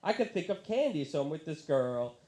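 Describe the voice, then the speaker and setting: A man doing stand-up into a handheld mic on a small bar stage, his voice sitting a little high for a man. He tells his stories in an animated way and leaps up into excited, squeaky tones whenever he quotes someone. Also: fairly quick, roomy sound. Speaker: stand-up comedian. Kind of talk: stand-up comedy set. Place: comedy bar stage with audience.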